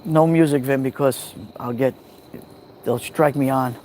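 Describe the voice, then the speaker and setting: A man with a New York accent hosting a relaxed livestream from a backyard fire pit at night, greeting viewers by name on a phone. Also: mid-range voice, unhurried, slight background noise. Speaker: livestream host. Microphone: phone held near the fire.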